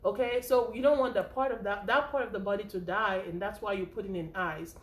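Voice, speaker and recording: A woman's voice: medium pitch, steady tone, brisk, a little hiss or hum. A woman giving an informal first aid lesson, chatty and a little out of breath, checking in often with "okay?" and "right?". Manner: chatty, repeats points with frequent "okay?" and "right?". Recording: echoey room.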